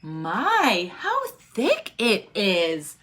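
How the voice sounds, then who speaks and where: A woman voicing a cheerful, welcoming ninety-seven-year-old grandmother in a storybook read-aloud, high and chirpy. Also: wildly swooping pitch, extremely slow, fairly bright tone, slight background noise, exaggerated voice.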